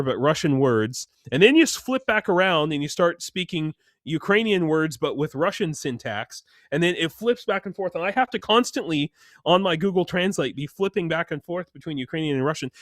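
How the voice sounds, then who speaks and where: A man in casual video-call chat, telling stories in a rambling, animated way with frequent restarts. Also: fairly high pitch, no echo, clean studio sound. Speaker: guest, foreign soldier serving in Ukraine.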